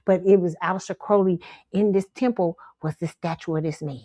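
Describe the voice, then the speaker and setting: A woman's voice: lowish voice, steady tone, a little fast, warm tone, dry recording. A woman hosting her own show, telling a story to viewers in an emphatic, insistent way and often repeating herself. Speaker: show host.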